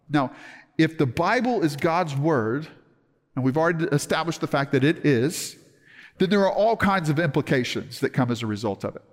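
Man preaching, earnest, slows on key words, fairly high voice, long hall reverb. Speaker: pastor. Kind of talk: sermon.

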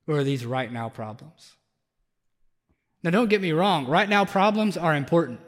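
High-voiced man preaching in a reverberant hall. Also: expressive, moderate pace. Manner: conversational preaching, rising intensity on emphatic points. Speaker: pastor. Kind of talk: sermon. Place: church sanctuary.

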